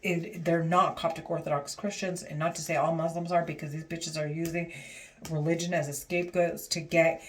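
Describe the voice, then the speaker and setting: A woman's voice: low voice, level tone, moderate pace. Woman, vlog monologue, agitated, rambling, swearing, frequent restarts. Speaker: vlogger. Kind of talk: unscripted monologue to camera.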